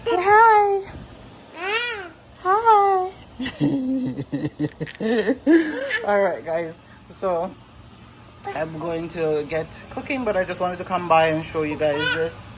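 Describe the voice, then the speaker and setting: Young woman, low voice, loose rambling vlog chat, off camera on a phone in a noisy kitchen. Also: measured pace. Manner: chatty, rambling, loose and informal. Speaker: family vlogger. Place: home kitchen. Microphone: phone camera, speaker off screen. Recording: noisy home phone recording.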